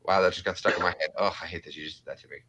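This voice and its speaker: A man's voice: low voice, steady tone, rapid-fire, sharp tone, lo-fi sound. A man hosting a live chat, joking casually and playfully. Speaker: live stream host and voice mimic.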